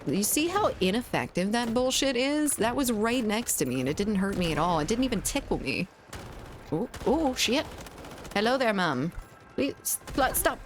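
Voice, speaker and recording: A woman with a voice on the low side streams a shooter game against a little hiss or hum. Chatty and quick to laugh, she reads her viewers' messages aloud in casual conversation.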